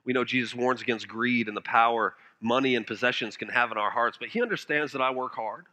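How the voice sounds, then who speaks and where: A man preaching a sermon with passion, now and then dropping his voice to a hush for emphasis. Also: fast talker. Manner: impassioned preaching, dropping to hushed low phrases for emphasis. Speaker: pastor.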